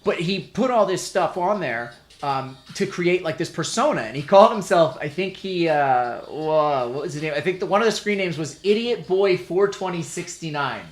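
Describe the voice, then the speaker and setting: A man's voice: fairly high pitch, animated, normal speed. A man hosting a livestream in casual chat, rambling and stammering as he tells a story. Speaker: livestream host. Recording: roomy echo, faint music.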